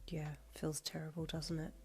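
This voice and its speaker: A woman voicing a wry, body-swapped young heroine in a soft, low, half-whispered whispered role-play. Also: monotone, normal speed, slightly rough. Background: faint background music.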